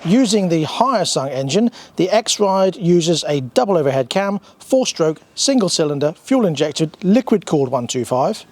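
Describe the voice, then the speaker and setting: A British man presenting a motorcycle review in a chatty, scripted walkthrough. His voice sits a touch high for a man, and he slips in dry asides and the odd um. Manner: dry humour, chatty with filler ums. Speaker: motorcycle reviewer and channel host.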